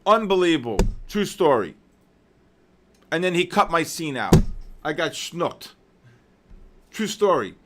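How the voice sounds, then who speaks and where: A man hosting a live trading session, excitedly shouting out viewers' names with heavy market jargon, then dropping to weary muttering over questions. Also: measured pace, pauses often, very noisy. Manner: drops to low, weary muttering while reading questions. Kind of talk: live trading-stream commentary.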